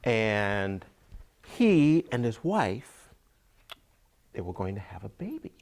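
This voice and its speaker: A man's voice: lowish voice, big pitch swings, darkish tone. A man telling a folk tale to listeners, drawing out phrases, repeating words and dropping to whispers. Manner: drawn-out, repetitive, dips into whispers. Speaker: storyteller.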